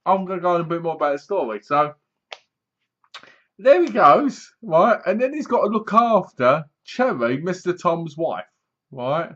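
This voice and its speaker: A man's voice: a little high, big pitch swings, normal speed, a bit bright. A man casually reviewing a film to his webcam, retelling the plot in a rambling way and laughing at the jokes. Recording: dull lo-fi webcam audio.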